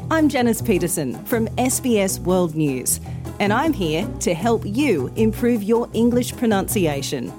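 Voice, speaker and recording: Woman hosting a podcast lesson; clear and careful, animated pitch, soft music under her. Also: measured pace. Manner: clear, careful, instructive delivery. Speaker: pronunciation teacher and news presenter.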